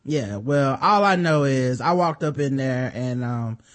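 A man's voice: mid-range voice, measured pace. A man co-hosting a podcast, chatting casually and cracking opinionated jokes. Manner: animated and opinionated, jokey. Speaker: podcast co-host. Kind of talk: casual chat.

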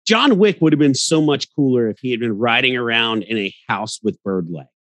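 A man co-hosting a casual podcast chat, talking in an animated, exclamatory, joking way. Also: mid-range voice, fairly quick, no room sound. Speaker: podcast co-host.

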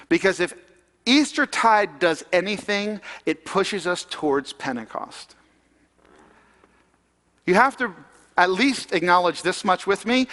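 In a large hall, a pastor with a high, fairly bright voice delivers a conversational sermon, turning to the congregation with questions.

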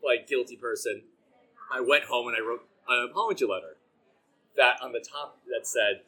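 Male co-host, casual and self-deprecating, husky edge, bright tone. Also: mid-range voice, poor audio. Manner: self-deprecating, quick and chatty, many "like" fillers. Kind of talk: casual conversation.

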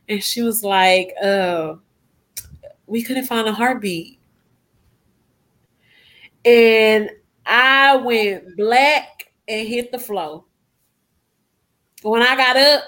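A woman's voice: fairly high pitch, fairly bright tone. A young adult woman, a guest, emotionally retelling a personal story and acting out what people said. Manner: emotional retelling with acted-out quotes.

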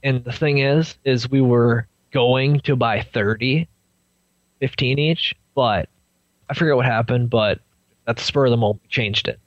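A man's voice: mid-range voice, unhurried, dry recording, dull audio. A young man, a podcast guest, telling his own story and acting out what people said. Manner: animated storyteller acting out quotes. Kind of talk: recounting a personal story.

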